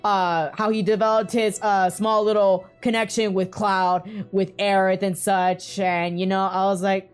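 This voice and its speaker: A woman's voice: medium pitch, steady tone, takes it slowly, clear, resonant tone, soft background music. A woman co-hosting a casual fan discussion, talking in an emotional, gushing way and rambling with lots of fillers. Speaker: podcast co-host.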